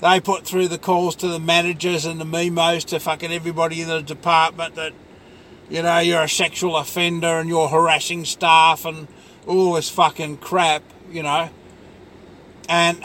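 A man with a fairly high voice delivers a rambling monologue, swearing heavily and circling back with "you know" as his frustration boils over. A faint hum of traffic sits behind him. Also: a bit bright. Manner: angry, profane ranting with many fillers.

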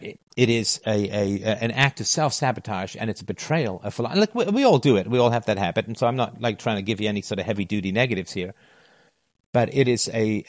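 A middle-aged man speaks in a lowish voice, delivering an emphatic monologue to his listeners. He drives points home by repeating key phrases. The sound is close and dry. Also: no room sound. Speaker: philosophy talk host.

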